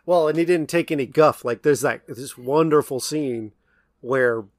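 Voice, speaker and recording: A man's voice: mid-range voice, measured pace, no echo, clean studio sound. Easygoing man chiming in on films. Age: young adult to middle-aged, a parent. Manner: brief, agreeable interjections, opinionated. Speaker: podcast co-host. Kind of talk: casual film review chat.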